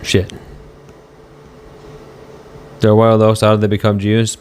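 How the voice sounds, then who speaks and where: A man's voice: lowish voice, completely flat delivery, measured pace, long pauses, clean tone. A man on a casual live stream, answering chat in a rambling, argumentative way and swearing now and then.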